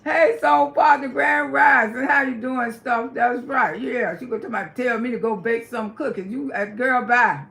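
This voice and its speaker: Loud cackling older woman, high and gravelly. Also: measured pace. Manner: loud, cackling, outspoken gossip; swears freely and laughs often. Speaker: livestream host. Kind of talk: casual live-stream chat with viewers.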